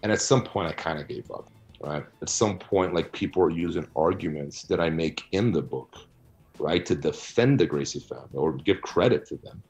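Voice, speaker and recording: Very low male voice, blunt, argumentative, interview guest, faint music underneath. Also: moderate pace, a little mellow, dull audio. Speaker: guest, researcher and author. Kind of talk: conversational interview answers.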